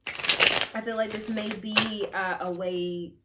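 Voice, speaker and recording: A woman's voice: mid-range voice, fairly even intonation, slow, very noisy. A woman giving a casual, rambling channeled tarot reading at home, with fillers and the odd swear word. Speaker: tarot reader. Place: home with washer running.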